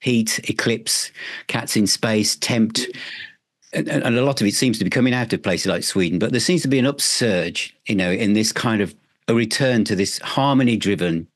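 Low-voiced enthusiastic male host. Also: moderate pace, no echo, studio quality. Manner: enthusiastic, long wandering questions. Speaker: podcast host. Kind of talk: interview questions.

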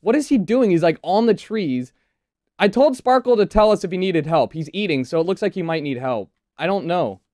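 A woman's voice: on the low side, lively intonation, mellow, no room sound. A woman chatting casually while playing a game, anxious and giving orders to her teammate. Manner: anxious, bossy, quick to give orders. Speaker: gamer. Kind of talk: casual gameplay chat.

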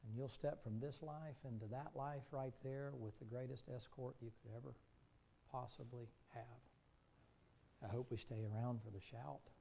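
Male pastor, gravelly storyteller, preaching from the pulpit, loud to hushed. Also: medium pitch, fairly even intonation, moderate pace, slight background noise. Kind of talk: sermon.

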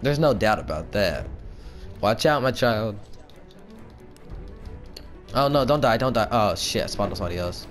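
A man's voice: fairly low pitch, animated, fast, few pauses, soft background music. A young man gaming with a friend, laughing and swearing through casual banter. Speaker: gamer.

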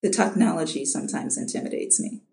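A woman's voice: sits low, lively intonation, fast talker, vocal fry, mellow, reverberant. A middle-aged woman from Chicago, an audiobook narrator, talking casually in an interview, often restarting with repeated words and laughing.

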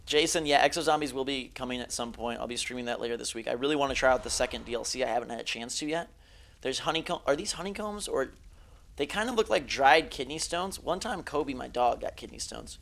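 A slightly hoarse man doing live game commentary on a headset mic, yelping at snakes on screen and joking with viewers. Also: mid-range voice, fast talker, a bit bright. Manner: jumpy, yelps and jokes at on-screen snakes, chats with viewers. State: slightly hoarse, under the weather. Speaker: gaming streamer. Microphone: gaming headset.

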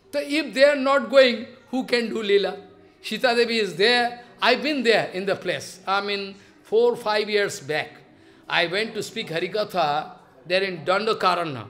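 A Bengali-speaking spiritual lecturer gives a devotional talk, telling stories punctuated by repeated emphatic phrases and rising questions. His voice sits high and is a bit bright.

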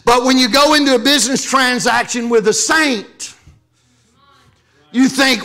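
A man's voice: very high-pitched, measured pace, pauses often, sharp tone. A man from Louisiana preaching a sermon as pastor, joking and calling on the congregation to respond. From Louisiana, USA.

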